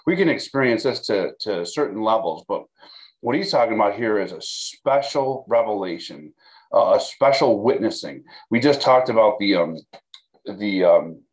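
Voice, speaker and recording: A man's voice: on the low side, rough recording. Man teaching scripture in a conversational way. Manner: conversational, repeats words, fillers, checks in with "okay?". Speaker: pastor teaching a Bible study. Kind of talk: recorded Bible teaching. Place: recorded for video.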